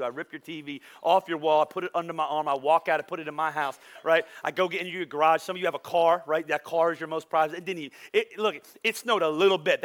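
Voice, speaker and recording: A man preaching a sermon as pastor, animated and conversational, with playful asides to the congregation. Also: a little high.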